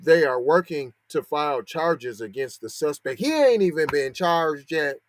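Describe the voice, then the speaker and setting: Speaking a little slowly, a man with a higher-leaning, expressive voice hosts a podcast and gives a sarcastic, heated take on a news story, asking question after rhetorical question.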